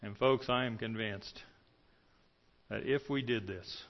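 A pastor preaching a sermon to his congregation, swinging between loud calls and hushed lines. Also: mid-range voice, takes it slowly, highs cut off.

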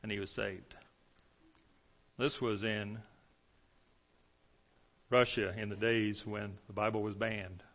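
A pastor preaching a sermon to his congregation, swinging between loud calls and hushed lines. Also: fairly low pitch, level tone, takes it slowly, pauses often, lo-fi sound.

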